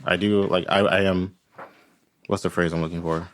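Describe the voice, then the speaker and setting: A man's voice: low-pitched, level tone, normal speed. A man running a tabletop game as game master, rambling casually and tagging his points with "right?". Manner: rambling, tags lines with "right?".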